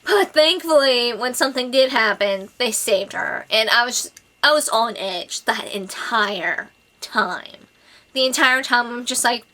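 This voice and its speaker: A woman chats through a book review in a casual vlog, gushing and excitable. Her voice is bright and sits a little high. She leans on fillers as she talks. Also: a little slow. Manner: gushing, excitable, filler-heavy with lots of "like" and "oh my God".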